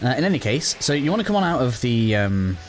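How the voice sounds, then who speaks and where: A man's voice: medium pitch, big pitch swings, quick pace, soft background music. A man giving a casual, rambling walkthrough of a video game, with lots of fillers and restarts, a little out of breath. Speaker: gaming YouTuber. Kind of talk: casual gameplay walkthrough commentary.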